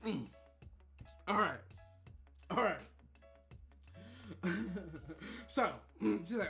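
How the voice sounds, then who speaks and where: A man streaming, telling a gossipy story in a casual, animated way and acting out other people's voices. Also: high voice, very slow, vocal fry, pauses often, soft background music.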